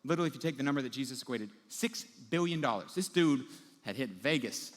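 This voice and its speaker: A man's voice: mid-range voice, lively intonation, quick pace, faint music behind. A male pastor preaching a sermon to a live audience in a large hall, in a casual storytelling manner and acting out the people in his story. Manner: casual storytelling, acts out quoted characters. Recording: long reverb of a large hall.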